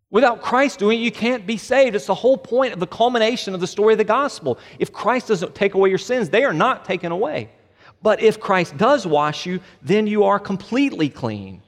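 Guy preaching in church, kinda high voice, lots of questions and jokes, big hall echo. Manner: animated, with rhetorical questions and joking asides. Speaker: pastor. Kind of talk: sermon. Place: church sanctuary. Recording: long hall reverb.

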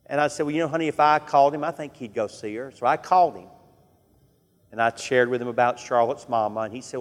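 A middle-aged man preaching, his voice sitting at an ordinary middle pitch. He tells his story with emphasis and falls to a hush for weight. The sound carries a long reverb, as in a large church hall. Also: fast talker. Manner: emphatic, drops to hushed tones for emphasis. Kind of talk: sermon storytelling.

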